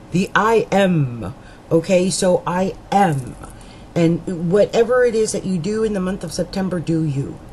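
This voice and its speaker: A woman's voice: on the low side, dark tone, slight background noise, poor audio. A woman astrologer giving a monthly horoscope reading in a chatty, meandering way, with frequent fillers and restarts.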